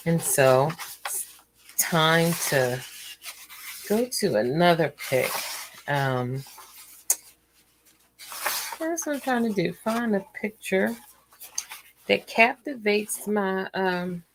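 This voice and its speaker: Tired woman host, low voice, chatty and meandering, casual home stream with faint noise. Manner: rambling and chatty, trails off with fillers. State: tired and yawning. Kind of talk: casual livestream chat.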